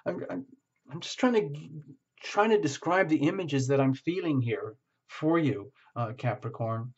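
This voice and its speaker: A man's voice: a little high, animated, a little slow, darkish tone, slightly rough. A man doing a tarot reading, talking frankly and searching aloud for the right words. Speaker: tarot reader. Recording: slightly muffled lo-fi recording.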